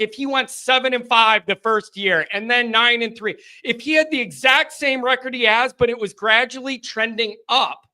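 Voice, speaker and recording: Brief: male fan-show host, high sharp voice, casual live-stream chat, animated sarcastic rants.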